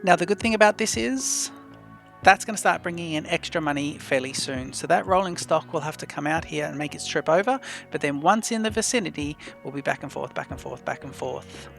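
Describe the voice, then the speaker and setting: A man with a gravelly, slightly high voice talks through his game, thinking aloud in an unhurried, chatty way. He speaks close to a desk mic. Faint music plays under him. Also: fairly bright tone. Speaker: let's play host. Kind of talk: casual gameplay commentary.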